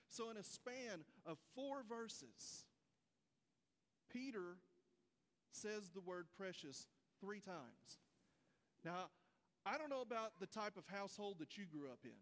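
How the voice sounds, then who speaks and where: A man's voice: sits high, a bit bright, big-room sound. A man preaching a folksy sermon, speaking straight to his congregation. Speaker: pastor. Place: church sanctuary.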